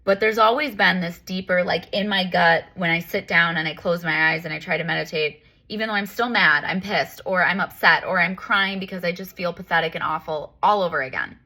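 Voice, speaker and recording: Bright-voiced woman coach, candid and rambling. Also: lowish voice, fairly quick, hardly any pauses. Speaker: life coach and yoga teacher. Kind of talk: casual spiritual talk.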